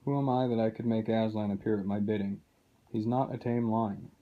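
A man's voice: fairly low pitch, fairly even intonation, fairly quick, narrow, tinny audio, natural voice. A man reading aloud, voicing an earnest young king who speaks up with indignation. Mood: indignant.

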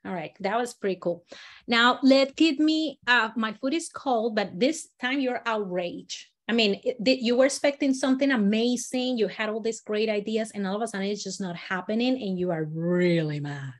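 A woman leads a storytelling workshop in a somewhat high voice. She coaches with encouragement and acts out short lines with lively shifts of tone as she teaches. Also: moderate pace. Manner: expressive, encouraging, demonstrates lines with lively voice changes. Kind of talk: workshop instruction with acted demonstrations.

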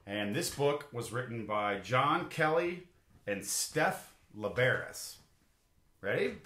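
Reading a storybook to a class of kids, a male teacher keeps an unhurried pace in a bright, mid-range voice. The room is echoey, and he brings the animals to life with big, animated roars and quacks.

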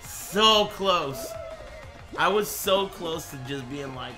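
A man's voice: a little high, expressive, slow. A man in his twenties streaming a game live, swearing and ranting at his chat in mock anger. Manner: profane, mock-angry banter with chat. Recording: game music underneath.

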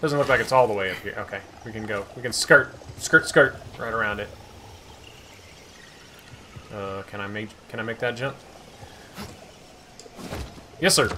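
A man hosting a gaming channel, giving excitable let's-play commentary, swearing and talking back to the game. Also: fairly low pitch, normal speed, pauses often, slight background noise. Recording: voice over loud game music.

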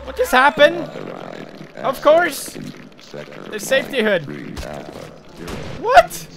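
An excitable man giving let's play commentary, his pitch leaping all over. He talks slowly between bursts of laughter and shouting. Game music plays clearly behind him. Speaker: gaming commentator.

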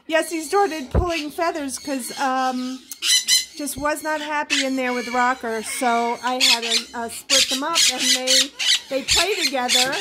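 A woman vlogging at home, cooing to her pet birds in doting baby talk and squealing when they get excited. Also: high-pitched, unhurried, heavy background noise. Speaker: vlogger, bird owner. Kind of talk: casual home vlog. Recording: loud bird squawks throughout.

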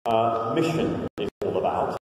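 A man's voice: medium pitch, a little slow, a little mellow, a little hiss or hum. A man from Liverpool giving a humorous conference talk with wry, self-mocking jokes, recorded from far off in a church hall. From Liverpool, England. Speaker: conference speaker.

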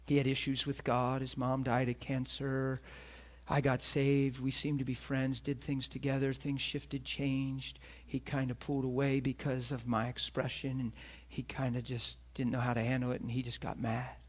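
A man's voice: mid-range voice, completely flat delivery, moderate pace. A middle-aged man preaching a sermon as a pastor, telling a personal story earnestly and acting out the voices of the people in it.

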